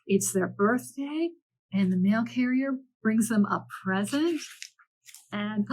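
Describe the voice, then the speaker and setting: A woman librarian reading picture books aloud to children, gentle and animated, with chatty asides to the listener. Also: fairly high pitch, slightly rough. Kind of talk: picture-book read-aloud.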